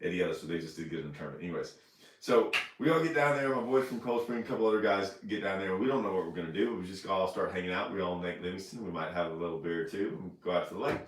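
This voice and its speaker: Male host, low-ish voice, loose rambling livestream talk, roomy distant sound. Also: racing. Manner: rambling, laughing, repeats himself. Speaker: fishing show host. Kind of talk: casual storytelling on a livestream. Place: indoors, house room. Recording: echoey room, off mic.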